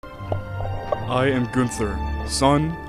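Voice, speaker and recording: A man voicing an earnest male barbarian fighter, slow and halting. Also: medium pitch, over music.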